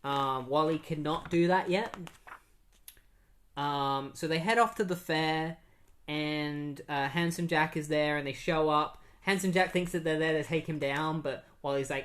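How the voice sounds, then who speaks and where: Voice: medium pitch, a little slow, fairly bright tone. Chatty comic book podcast host. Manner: chatty, with many fillers. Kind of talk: casual comic book recap.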